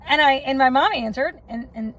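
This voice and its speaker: High-voiced woman telling a rambling story. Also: a bit bright, low-quality recording. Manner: chatty and rambling, with frequent laughs and "right?" asides. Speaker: mother telling her story. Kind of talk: casual storytime vlog.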